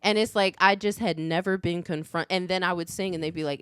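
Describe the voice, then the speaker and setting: A woman from New Jersey co-hosting a podcast, telling stories in a casual, animated way with frequent laughter and acted-out quotes. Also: fairly low pitch, fairly quick, smooth, dry recording, studio quality. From United States (New Jersey). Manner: animated storyteller who laughs often and acts out quoted voices. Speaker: podcast co-host. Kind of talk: casual chat.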